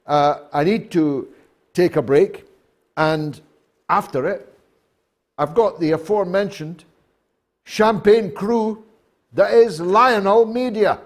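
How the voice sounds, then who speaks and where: A man hosting a talk show, speaking in a slow, deliberate and wry way with many filler pauses. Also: high voice. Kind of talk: talk show monologue and interview.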